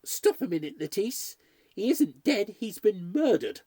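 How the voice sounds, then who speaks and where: Trembling, sly young lady, hushed, voiced by a male narrator. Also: a little high, wildly swooping pitch, normal speed, gravelly, slightly rough, dry recording, studio quality, full character voice. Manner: hushed, deceitful.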